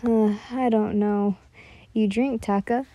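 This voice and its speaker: A woman voicing a calm, loyal young man from a royal court, gentle and reassuring, while reading a story aloud. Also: mid-range voice, slow, no echo, natural voice.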